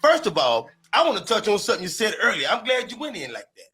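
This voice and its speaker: A man arguing forcefully and emphatically on a podcast panel, swearing for emphasis. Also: high-pitched, huge pitch swings, quick pace, faint music behind. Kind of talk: heated panel debate.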